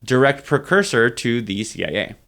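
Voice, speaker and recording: A man's voice: mid-range voice, big pitch swings, normal speed, gravelly, fairly bright tone. A young man co-hosting a podcast, casually walking through a history topic with lots of fillers and playful asides. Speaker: podcast co-host. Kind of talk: casual chat presenting history.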